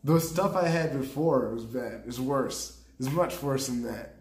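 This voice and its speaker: A man's voice: medium pitch, a little slow. A man streaming live, casually rambling about a comedy set, laughing often and talking to his chat. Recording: roomy echo.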